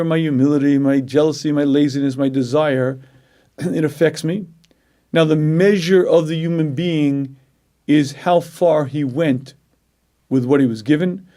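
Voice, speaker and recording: A man giving a Jewish ethics lecture, clearing his throat often and driving points home with rhetorical questions. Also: fairly high pitch, dark tone. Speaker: Torah lecturer. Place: lecture room.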